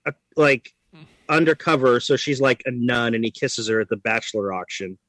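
A man co-hosting a podcast in casual chat, sardonic and jokey with deadpan asides. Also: medium pitch, normal speed, dry recording. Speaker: podcast co-host.

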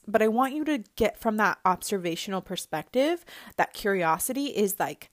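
A woman's voice: medium pitch, very animated, moderate pace, no room sound, clean studio sound. A woman coach speaking in a conversational, encouraging coaching monologue, with frequent casual fillers.

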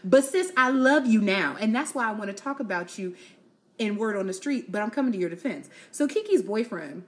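A young adult woman hosting a casual solo podcast, gossiping in an animated way, laughing often and calling her listeners y'all, sis and honey. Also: medium pitch, normal speed. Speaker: podcast host.

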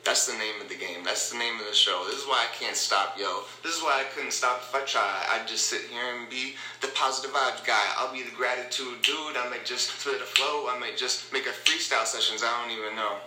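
A man's voice: medium pitch, brisk, hardly any pauses, pushed and bright, reverberant, a little hiss or hum, rough recording. A man hosting a motivational podcast, talking in an upbeat, rambling way and repeating his phrases. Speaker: podcast host. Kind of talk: casual motivational talk.

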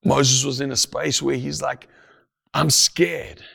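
Guy preaching real slow, super gravelly husky voice, goes to a whisper on the big lines. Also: medium pitch, little pitch movement. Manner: slow, deliberate, drops to a hush for emphasis. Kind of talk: sermon.

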